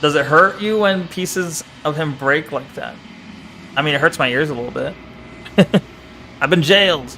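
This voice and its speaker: A man's voice: fairly high pitch, normal speed, pauses often, sharp tone, slight background noise. A young man streaming a game, playfully commenting and chatting with his viewers. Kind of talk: live gameplay commentary.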